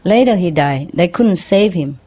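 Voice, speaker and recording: A woman, a spiritual teacher telling a personal story to an audience, halting and informal, often laughing softly. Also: lowish voice, expressive. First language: Vietnamese.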